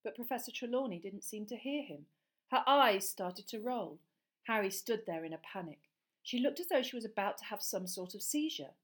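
A woman narrating an audiobook in a measured, expressive storytelling voice. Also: mid-range voice. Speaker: audiobook reader.

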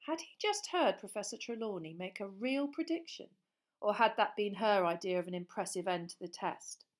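A woman narrating an audiobook in a measured, expressive storytelling voice. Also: medium pitch. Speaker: audiobook reader.

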